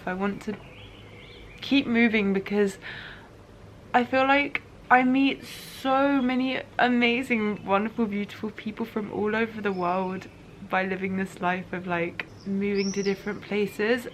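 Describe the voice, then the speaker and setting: A woman's voice: mid-range voice, a little hiss or hum. A young woman in her twenties, talking through her thoughts in a reflective, emotional diary-style vlog. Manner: emotional, musing, tearful at times. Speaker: vlogger.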